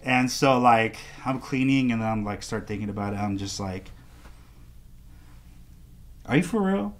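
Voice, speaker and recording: A man's voice: on the low side, brisk. A man, a guest casually telling a story and acting out the other people in it. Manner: animated storyteller acting out quoted dialogue. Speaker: podcast guest, artist.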